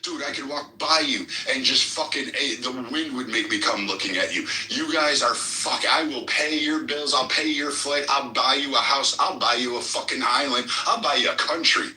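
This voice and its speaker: A man argues in a heated live audio room, aggressive and full of profanity as he taunts his opponents. His voice is very bright and cutting. He sounds set back from the mic in an echoey space. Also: mid-range voice, moderate pace, few pauses, recorded from a distance. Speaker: podcast host.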